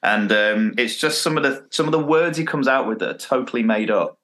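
A man's voice: mid-range voice, fairly quick. A man, a podcast guest chatting casually and recounting comedy scenes with relish. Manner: animated, quoting lines with relish. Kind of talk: casual chat.

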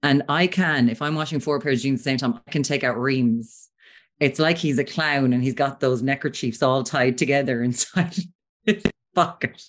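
An Irish woman with a low voice co-hosts a podcast, telling stories in casual chat at a normal speed. She's an animated storyteller who acts out the quotes.

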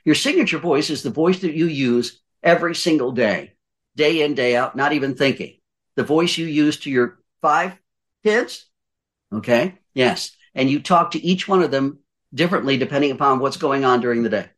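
A man's voice: mid-range voice, normal speed, fairly bright tone. An older man giving voice-over advice in a podcast conversation, emphatic, repeating his points and asking rhetorical questions. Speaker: guest voice-over coach.

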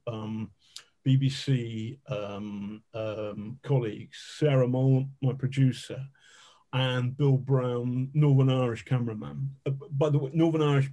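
Man, journalist, storytelling with a mellow, dark tone, lively and profane. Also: medium pitch. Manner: lively, swearing, self-mocking storyteller. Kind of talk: conversational anecdote.

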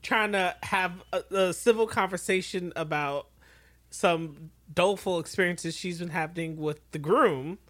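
A woman's voice: fairly low pitch, unhurried, fairly bright tone. A woman co-hosting a podcast, chatting playfully about a TV episode. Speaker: podcast co-host. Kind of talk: casual recap chat.

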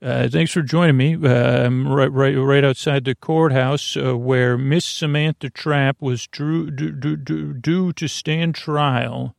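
A man's voice: medium pitch, steady tone, takes it slowly, creaky, few pauses, no room sound. A man voicing a flustered, bumbling male news reporter who keeps correcting himself.

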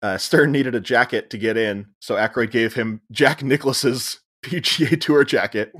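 A man co-hosts a podcast and walks through a film's story in relaxed chat. He acts out the characters' lines as he goes and breaks into laughter often. His voice sits at an ordinary middle pitch. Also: moderate pace. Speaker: podcast co-host. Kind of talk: casual chat recapping a film.

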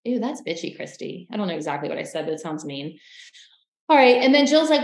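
A woman's voice: mid-range voice, fairly quick. Chatty woman in an echoey room. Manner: animated storytelling, acting out quotes. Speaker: podcast co-host. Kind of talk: casual recap chat.

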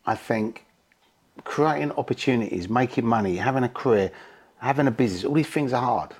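A man's voice: medium pitch, lively intonation, a little fast, a little mellow, breathy edge. A man with a London accent hosting a podcast, talking emphatically and swearing for emphasis. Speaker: podcast host. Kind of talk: casual chat.

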